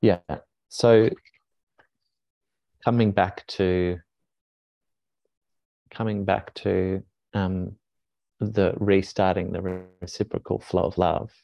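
Earnest, low-voiced man explaining slowly. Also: little pitch movement, creaky, mellow, no echo. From Australia. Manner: earnest, thoughtful, with frequent restarts. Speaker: heart coach guest. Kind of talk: reflective conversational teaching. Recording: dull, dry podcast recording.

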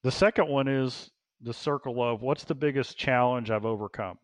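A man speaking as an interview guest, a business coach who talks in an animated way, repeating phrases and laughing often. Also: mid-range voice, moderate pace, no echo. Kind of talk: casual interview talk.

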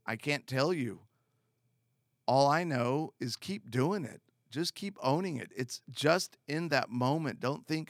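A man speaking as a marriage counselor, giving calm, earnest and direct advice with repeated emphatic phrases. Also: medium pitch, unhurried, no room sound, clean studio sound. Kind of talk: advice talk to camera.

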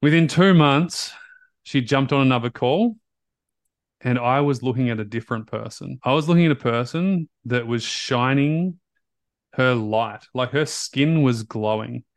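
A man hosting a podcast, telling a story in a casual, animated way, with many repeats and restarts as he acts out back-and-forth conversations in his own voice. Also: medium pitch, a little slow, dry recording. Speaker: podcast host and recovery coach.

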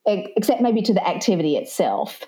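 A woman's voice: medium pitch, a little fast. A woman with a Southern American accent, a psychotherapist guest talking casually on a podcast and acting out quotes as she tells stories. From Southern United States. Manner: animated storyteller who acts out quotes.

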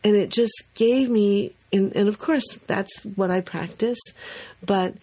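Lively woman telling a story on a podcast. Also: medium pitch, takes it slowly. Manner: lively storyteller, acts out quotes, laughs often. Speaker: podcast host. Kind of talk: casual chat.

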